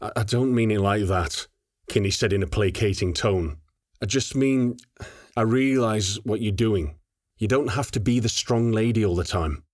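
A tired young soldier talks hesitantly, guarded and subdued, in a male narrator's own low voice. Dry, close sound. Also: moderate pace, no room sound, close to an everyday voice. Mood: placating.

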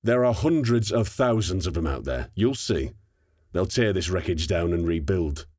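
A man voicing an eager young male soldier who talks with energetic, rapid conviction. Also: sits low, dry recording, clean studio sound. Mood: fired up.

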